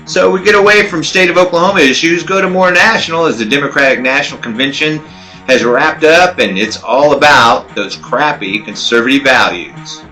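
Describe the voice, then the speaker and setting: A man's voice: on the high side, normal speed, bright, forceful tone, faint music behind. A man hosting a political commentary show, talking in a casual, indignant, conversational way with frequent restarts.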